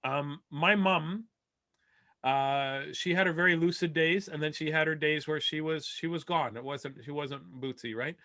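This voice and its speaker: Bright-voiced man rambling through a comic story. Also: on the high side, a little slow, no room sound. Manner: rambling, stammering restarts, laughs at own jokes. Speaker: comedian. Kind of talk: storytelling stand-up over video call. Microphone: video call.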